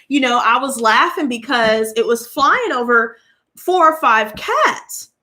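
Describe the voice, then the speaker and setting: A woman tarot reader chatting casually to her viewers, telling an animated story and addressing them directly. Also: a little high, a little slow.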